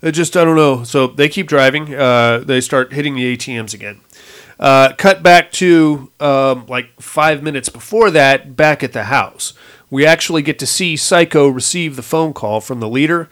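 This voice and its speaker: A man's voice: mid-range voice, normal speed, a bit bright, clean tone. A man casually recapping a movie plot with profane humor, acting out the characters' lines in shifting voices. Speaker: podcast co-host recapping a movie.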